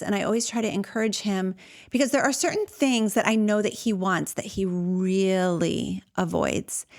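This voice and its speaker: A woman hosting a solo podcast about ADHD, talking in a casual, earnest and personal way, with fillers and restarts. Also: mid-range voice. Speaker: podcast host and ADHD coach.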